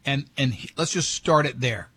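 A man hosting a morning radio show, bantering and running a quiz with quick jokes and frequent laughs. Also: mid-range voice, sharp tone, slightly rough, dry recording. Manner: joking, laughs often, quick asides. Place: radio studio.

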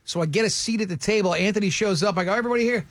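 A man hosting a morning radio show, telling a rambling, self-mocking story in a casual, animated way. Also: high-pitched, very fast, no room sound, clean studio sound.

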